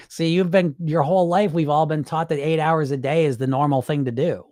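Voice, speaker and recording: A man's voice: fairly high pitch, steady tone, moderate pace, a little mellow, no room sound, clean studio sound. A man coaching dieters in a live-stream talk, blunt, profane and mocking as he acts out their excuses. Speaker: weight loss coach.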